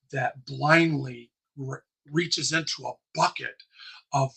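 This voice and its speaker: A man's voice: a little high, vocal fry, pushed and bright, husky, low-quality recording. A man in a wheelchair delivering an impassioned, preachy monologue about police and rights, swearing often. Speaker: activist vlogger.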